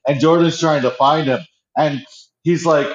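A man's voice: on the high side, fairly even intonation, unhurried, crowd noise. A man chatting casually and eagerly about a TV show, stumbling and restarting often. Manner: enthusiastic, restarts often, acts out quotes. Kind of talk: casual pop-culture chat. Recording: roomy, slightly dull audio.

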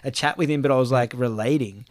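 A man's voice: medium pitch, fast, dry recording. Chatty man telling stories. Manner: animated storyteller, acts out quotes, swears casually. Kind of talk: casual chat.

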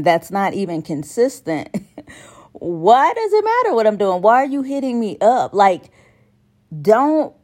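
A woman's voice: medium pitch, darkish tone. A woman in a casual monologue, talking bluntly and with exasperation, and mimicking how other people text.

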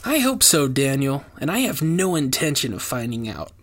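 A man's voice: mid-range voice, sing-song, moderate pace, fairly bright tone. A man voicing a blunt, skeptical young woman investigator who speaks dryly and impatiently in a horror story reading.

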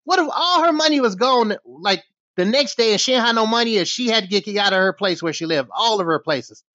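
A man's voice: high voice, expressive, brisk, sharp tone, dry recording. Heated American man, foul-mouthed vlog rant, dull dry lo-fi sound. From United States. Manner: angry, profane, heated ranting. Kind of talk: ranting vlog monologue.

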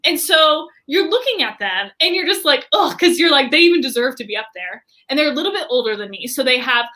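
Woman entrepreneur, high voice, super chatty storytelling, says like a lot. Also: fairly quick. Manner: chatty, frequent filler "like", expressive. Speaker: entrepreneur and podcast guest. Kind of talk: animated storytelling in conversation.

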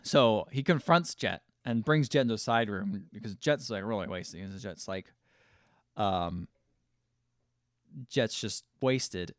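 A man co-hosting a podcast, casually retelling a film's scenes and acting out the characters' lines in quick voices. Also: lowish voice, expressive, no echo, studio quality. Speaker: podcast co-host. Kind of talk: casual movie recap chat.

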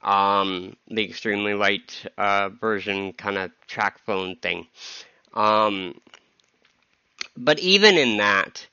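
A man with a low, bright and smooth voice talks through a personal podcast monologue. He stops and starts, leans on "um" and sounds stressed. The sound is dry and a little dull, like a lo-fi home recording. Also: no echo. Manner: halting, full of ums and restarts, stressed. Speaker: podcast host.

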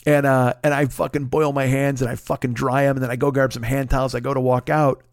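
This profane comic monologue comes from a comedian and show host who rants in exasperation, cursing nonstop and asking rhetorical questions as he tells his story. His mid-range voice holds a level tone at a quick pace, in a dry, studio-quality recording.

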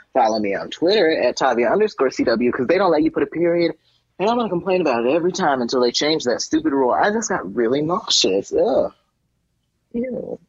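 A man co-hosting a podcast in casual chat, telling animated stories that jump into high comic voices. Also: husky, dry recording, dull audio. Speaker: podcast co-host.

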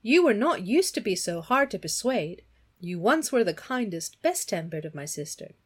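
A woman reading aloud voices a young man, an elder brother, who speaks in a quiet, reproachful way. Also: mid-range voice, very animated, normal speed, husky.

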